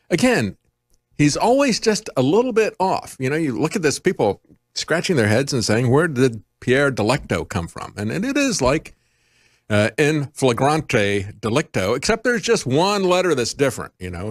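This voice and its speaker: A man's voice: fairly high pitch, no room sound, studio quality. A man hosting an opinionated news commentary show, sarcastic and emphatic, playing with words. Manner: sarcastic, emphatic, wordplay-heavy. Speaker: host.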